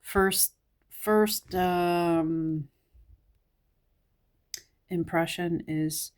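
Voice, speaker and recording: Slow, low-voiced woman musing aloud. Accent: Southern US. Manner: relaxed, musing, thinking aloud. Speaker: magazine reviewer. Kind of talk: casual commentary.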